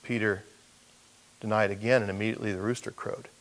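A middle-aged preacher with a fairly low voice addresses his congregation at a fairly quick pace. He tells the story animatedly, voicing the characters himself.

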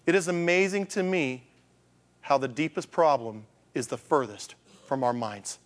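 A man's voice: medium pitch, lively intonation, unhurried. A male pastor preaching a conversational sermon, asking rhetorical questions and acting out the voices of the people he quotes.

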